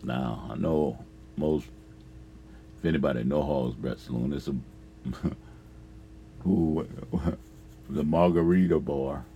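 A man's voice: rumbling low, slow, pauses often, dark tone, slight background noise. A man telling a rambling, profane story about past jobs, full of fillers and chuckles. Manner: profane, laughs often, trails off with fillers.

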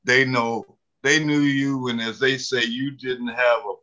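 With a medium-pitched, steady voice that is bright and forceful, a man in his seventies speaks unhurriedly over lo-fi sound. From the Southern American mountains, he tells folksy, humorous stories with lots of fillers as the author and guest in a storytelling interview.

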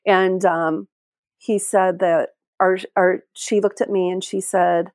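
A middle-aged woman telling a personal story as an interview guest, heartfelt and halting, often restarting her sentences. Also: lowish voice, level tone, a little mellow, dry recording, clean studio sound. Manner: halting, heartfelt, many restarts and trailing phrases. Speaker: interview guest, end-of-life caregiver.

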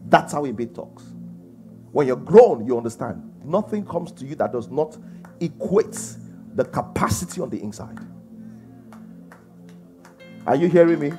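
A man's voice: a little high, animated, unhurried, long pauses, darkish tone, soft background music. A man preaching a sermon, emphatic and full of rhetorical questions. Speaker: pastor.

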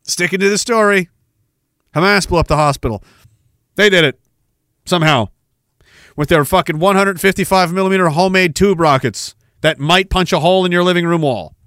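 A man hosts a podcast and gives casual, sarcastic commentary full of profanity. His voice sits slightly high for a man. The recording is dry, with no room sound. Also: brisk, pauses often, a bit bright, no echo. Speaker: podcast host.

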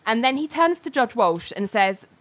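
A woman's voice: on the high side, very animated, moderate pace. Woman co-host retelling an episode in loose, chatty, giggly storytelling. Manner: chatty storytelling, many fillers, frequent laughter. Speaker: podcast co-host recapping a TV episode. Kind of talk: casual chat.

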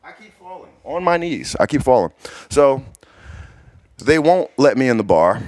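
A man's voice: mid-range voice, sing-song, measured pace, no echo. A man in casual chat, telling a rowdy story in a loose, profane way and laughing along. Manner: loose, profane, laughing as he tells a wild night out.

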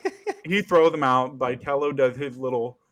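A man hosting a casual sports podcast, telling stories with lively acted-out quotes and casual swearing. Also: mid-range voice, moderate pace, no room sound. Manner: animated storyteller, acts out quotes, swears casually. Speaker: podcast host.

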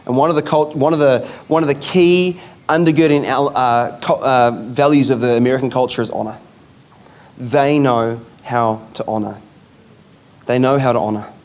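A man's voice: medium pitch, steady tone, normal speed, a little mellow. A man preaching a sermon as pastor, emphatic, repeating key phrases and asking rhetorical questions.

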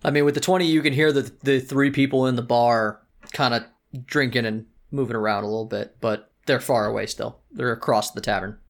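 A man's voice: medium pitch, steady tone, a little fast, vocal fry. A man narrating as game master in a tabletop role-playing session, casual and joking. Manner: casual, joking, bro-ish.

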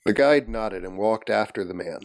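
A man's voice: on the low side, normal speed, vocal fry. A man reading a horror novel aloud on a comedy podcast, breaking off to joke with friends. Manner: reads steadily, breaks off to laugh and comment. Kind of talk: reading aloud and casual banter.

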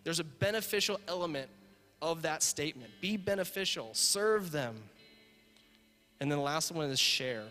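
A man's voice: on the high side, lively intonation, normal speed. A man preaching as a pastor, earnest and repetitive, building to emphatic points and closing in prayer. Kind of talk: sermon. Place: church sanctuary. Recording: reverberant hall with soft guitar.

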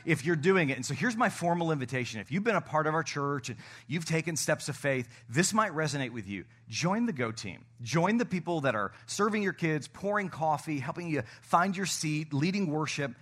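Brief: male pastor preaching, fairly high and bright voice, energetic and playful, coaxing the congregation from a church stage. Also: fairly quick, few pauses. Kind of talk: sermon.

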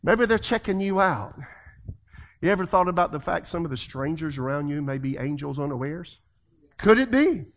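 A pastor preaching a sermon, leading the congregation in call-and-response and swinging his voice between loud and soft. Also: fairly high pitch, lively intonation, moderate pace, a little hiss or hum.

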